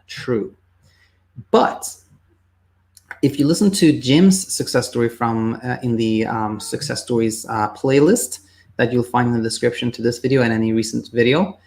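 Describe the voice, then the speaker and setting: A sleep coach answers viewer questions casually and haltingly, acting out the voices of the people he quotes. His voice is mid-range and creaky.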